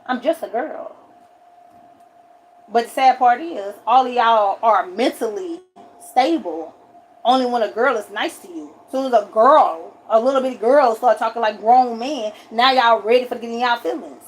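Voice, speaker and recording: Woman livestreamer, slightly high voice, animated casual storytime, faint background noise. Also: moderate pace, poor audio. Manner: animated, acts out quotes with sharp pitch jumps.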